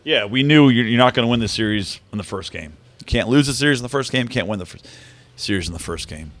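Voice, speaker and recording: A man's voice: medium pitch, expressive, fast talker, a bit bright, no room sound. A man co-hosting a live hockey watch-along in a studio, chatty and jokey as he reads out stats. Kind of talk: casual live chat. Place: team studio.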